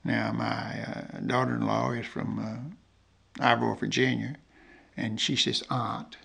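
An older man with a Southern Georgia accent spins rambling, folksy stories in an oral history interview. His voice is heavily gravelly and sits at an ordinary male pitch. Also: flat delivery, unhurried, fairly bright tone. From north Georgia.

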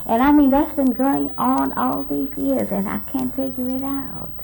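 A woman's voice: high-pitched, fairly even intonation, unhurried, vocal fry, warm tone, slight background noise, rough recording. An older woman from South Texas, rambling through memories in a recorded interview, quoting what others told her and correcting herself often. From South Texas, USA. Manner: rambling storyteller, quoting others, many restarts. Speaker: oral history interviewee. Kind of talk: recorded reminiscence.

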